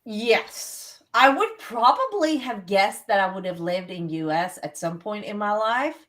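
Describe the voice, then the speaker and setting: A woman's voice: medium pitch, expressive, measured pace, a bit bright. A Swedish-born woman living in the US co-hosting a podcast in casual chat, chatty and self-mocking and laughing often. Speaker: podcast co-host.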